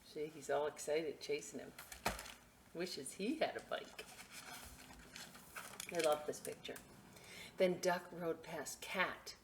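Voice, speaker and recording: A woman reading picture books aloud at a library storytime, expressive and adding friendly asides for children. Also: deep voice, background noise. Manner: slow, expressive, chatty asides to kids.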